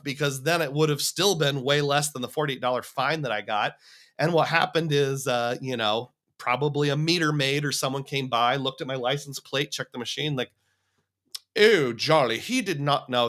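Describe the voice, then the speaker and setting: Bright-voiced chatty man. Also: mid-range voice. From United States. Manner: rambling, chatty, reads viewer comments aloud. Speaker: livestream host. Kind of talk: casual livestream chat.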